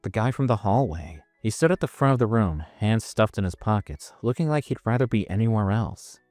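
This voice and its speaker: A man's voice: on the low side, lively intonation, fairly quick, darkish tone, dry recording, faint music behind. A man narrating a story in the first person, in a casual, self-mocking manner.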